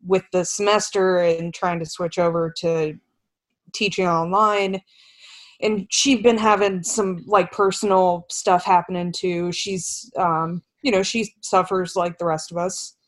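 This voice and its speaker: A woman guest in a casual online chat, telling stories in a soft-spoken, self-deprecating way. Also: fairly low pitch, steady tone, a little slow.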